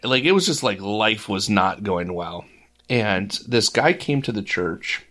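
A man with a fairly low, bright voice and lively intonation co-hosts a casual faith podcast, speaking unhurriedly. He earnestly tells a personal story and acts out other people's voices.

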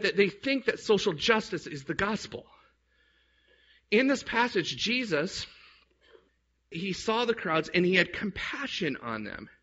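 Male pastor, emphatic storytelling sermon, high voice, muffled lo-fi recording. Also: sharp tone. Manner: emphatic, storytelling preaching with rhetorical questions. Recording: dull lo-fi recording.

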